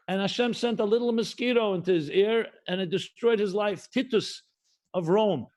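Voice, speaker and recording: A middle-aged man from the United States, a rabbi giving a livestreamed sermon, who repeats key phrases and slows down to stress them. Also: high voice, a little mellow. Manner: emphatic, repetitive cadence, mixes Hebrew and Yiddish terms.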